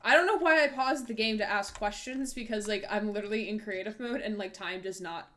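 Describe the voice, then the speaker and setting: This woman is streaming a game live, chatting casually and rambling with lots of fillers and self-corrections. Her mid-range voice sounds bright and forceful, and she talks a little fast.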